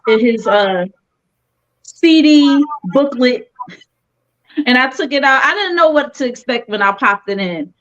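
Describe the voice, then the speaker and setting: A woman's voice: fairly high pitch, fairly bright tone, lo-fi sound. A woman chatting casually as a guest reviewer, playful and enthusiastic, laughing often. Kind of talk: casual music review chat.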